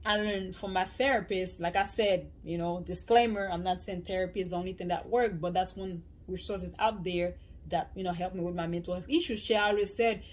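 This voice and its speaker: A woman's voice: lowish voice, fairly even intonation, a little fast, few pauses. A woman talking candidly in a personal vlog, rambling and circling back, with short laughs between thoughts. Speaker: vlogger.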